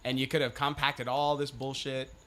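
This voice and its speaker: A man's voice: medium pitch, flat delivery, normal speed, pushed and bright. A man co-hosting a podcast, trading wry, sarcastic banter in casual chat. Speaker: podcast co-host.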